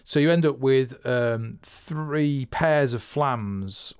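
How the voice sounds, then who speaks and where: In clean, dry studio sound, a man with a clear, resonant, medium-pitched voice takes his time leading a relaxed drumming lesson for his podcast. He rambles and self-corrects, counting beats and voicing the drum patterns as he explains.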